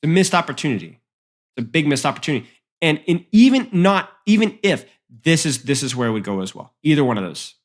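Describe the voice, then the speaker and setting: A man coaching through a recorded match, his voice sitting a bit higher than most men's. He breaks down plays bluntly and with emphasis, often repeating words as he goes. The delivery is analytical and direct. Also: sing-song, quick pace. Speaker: esports coach. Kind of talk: analytical game review.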